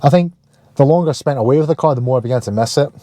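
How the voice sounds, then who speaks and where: A man's voice: mid-range voice, rapid-fire, dark tone, dry recording. Chatty Scottish man vlogging from his car. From Scotland. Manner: chatty, jokey, exasperated rants. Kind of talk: casual vlog to camera.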